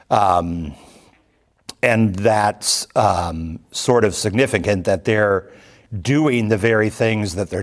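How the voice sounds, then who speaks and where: A man leading a Bible study, reading a commentary aloud and explaining it in an unhurried way with many ums and uhs. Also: on the low side.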